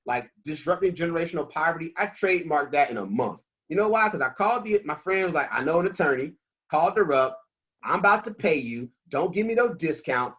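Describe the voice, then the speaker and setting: A man talking about money on a video call, emphatic, slangy and energetic. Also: a little high, a little fast, slightly rough. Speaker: financial coach guest. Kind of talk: animated motivational talk on a video call. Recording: dull lo-fi call audio.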